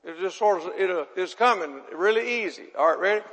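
A man's voice: high voice, lively intonation, a little fast, a bit bright, slightly rough. A man preaching a folksy sermon, chatting with his audience and quizzing them. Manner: chatty, asks the audience questions, self-deprecating. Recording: long hall reverb.

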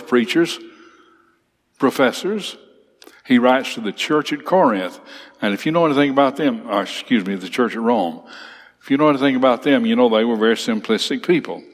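A man teaching a Bible class, reading verses aloud and explaining them with emphatic repetition. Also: mid-range voice. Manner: emphatic, reads scripture aloud then explains it. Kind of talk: expository Bible class lecture. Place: church classroom with slides. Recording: long hall reverb.

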